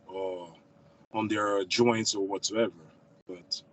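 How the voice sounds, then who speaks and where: A man in a casual call chat, halting and trailing off quietly with many fillers. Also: fairly low pitch, steady tone, rough recording.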